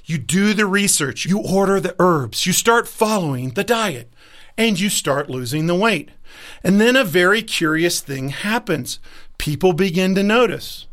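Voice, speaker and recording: Higher-pitched man giving an emphatic motivational talk. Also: lively intonation, unhurried, a bit bright. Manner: emphatic, acts out quoted voices. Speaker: life coach.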